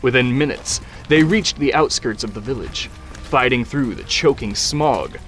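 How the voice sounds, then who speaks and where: A man giving measured, scripted narration of an action scene. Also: medium pitch, lively intonation, fairly bright tone, soft background music. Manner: measured and descriptive.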